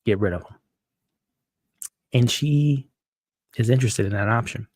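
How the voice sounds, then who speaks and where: A man hosting a live-stream recap of a TV episode, talking excitably and stumbling over repeated words as he restarts his sentences. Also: mid-range voice, unhurried, no echo. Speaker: show host. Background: dog.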